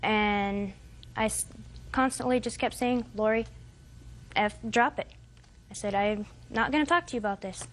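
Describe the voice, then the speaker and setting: A woman's voice: medium pitch, normal speed, pauses often. A woman in her twenties giving testimony as a defendant in court, rambling and hesitant, quoting what others said. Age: 20s.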